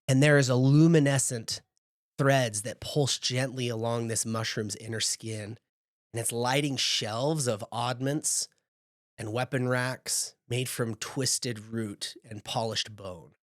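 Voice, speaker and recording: A man narrating a tabletop game as game master, describing scenes at an unhurried pace with casual asides. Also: mid-range voice, fairly even intonation, no room sound, clean studio sound.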